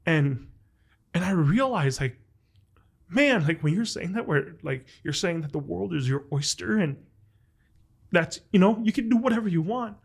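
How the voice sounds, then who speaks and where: A man's voice: sits high, lively intonation, moderate pace, gravelly, pauses often, breathy edge. A man hosting a podcast interview, telling a family story in an earnest, emotional way, full of "like" fillers as he talks directly to his guest. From United States. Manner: speaks directly and warmly to the guest. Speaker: podcast host. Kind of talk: heartfelt interview conversation.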